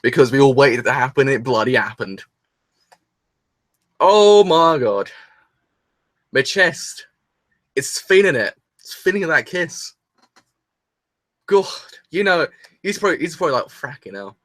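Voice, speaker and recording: A man's voice: mid-range voice, moderate pace, long pauses, fairly bright tone, no room sound. A young man hosting an anime reaction video, gushing and exclaiming in a breathless, rambling way. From England. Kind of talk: excited solo reaction video.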